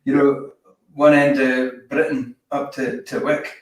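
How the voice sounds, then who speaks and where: A man's voice: medium pitch, flat delivery, unhurried. A Scottish man co-hosting a music show, chatting with a wry, teasing manner. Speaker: co-host. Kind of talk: casual chat. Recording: echoey, distant mic.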